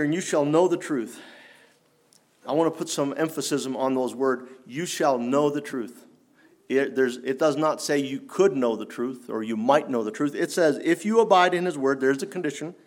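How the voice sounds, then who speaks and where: A man preaching a sermon in an earnest, challenging way, rising for emphasis and dropping low. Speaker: pastor.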